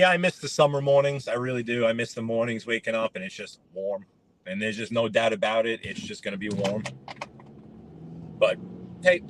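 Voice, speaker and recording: A man, chatting casually with live-stream viewers while driving, greeting them by name and rambling between topics. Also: medium pitch. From New York. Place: inside a car on the road. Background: road and traffic noise.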